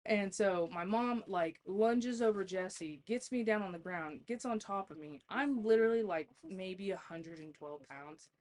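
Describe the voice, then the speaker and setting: A woman's voice: mid-range voice, a little slow, few pauses, darkish tone. A woman guest on a podcast, telling stories in a casual chat, laughing often and swearing freely.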